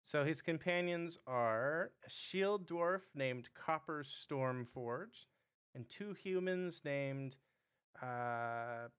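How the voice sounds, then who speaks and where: A man acting as game master of a live-streamed tabletop game, halting as he thinks aloud while he describes things. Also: fairly high pitch, a bit bright, smooth.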